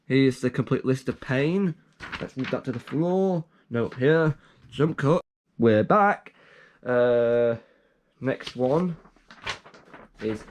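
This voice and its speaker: A man's voice: mid-range voice, a little mellow, slight background noise. A young man casually reading out his own joke documents, rambling and trailing off with self-aware asides. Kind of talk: casual commentary.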